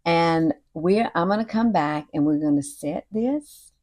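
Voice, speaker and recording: At home one night, cicadas buzzing outside, a woman in her 60s gives a relaxed makeup tutorial as a beauty vlogger. Her slightly low voice is mellow and unhurried, and she stays chatty and encouraging, often saying y'all and calling the viewer girl.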